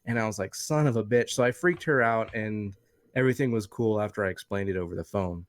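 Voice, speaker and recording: A man's voice: fairly low pitch, quick pace, no echo, clean studio sound. Profane, rambling podcast co-host man. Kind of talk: casual chat.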